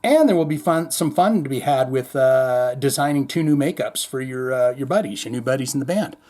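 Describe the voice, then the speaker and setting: A man's voice: mid-range voice, expressive, fairly quick, darkish tone. A man hosting a heavy metal news podcast, talking in a loose, rambling, slangy way and mimicking others as he retells their words. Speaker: podcast host. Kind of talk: casual news commentary.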